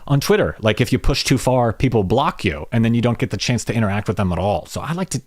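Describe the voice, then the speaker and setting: A man's voice: medium pitch, expressive, quick pace, no echo, studio quality. An American man hosting a casual livestream chat, rambling and self-deprecating as he greets viewers. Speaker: podcast host.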